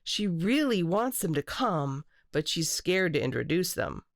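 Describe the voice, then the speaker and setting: A woman voicing a caring girl in a storybook read-aloud, speaking calmly and reassuringly. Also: fairly low pitch, a little slow, no room sound, clean studio sound.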